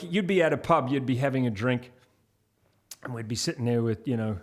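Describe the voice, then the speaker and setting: A man in his fifties with a New Zealand accent, a guest on an interview show, telling lively anecdotes and slipping into voices. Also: mid-range voice, brisk. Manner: animated storyteller, slips into voices. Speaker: guest, television host.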